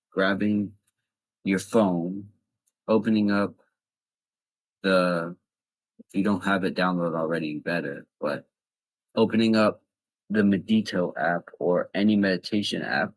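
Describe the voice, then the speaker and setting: A man's voice: sits low, a bit bright, dry recording, rough recording. A young man from the East Coast of the US giving casual advice in a vlog, talking earnestly in loose, rambling sentences. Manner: earnest, loosely structured talk with fillers. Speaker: vlogger.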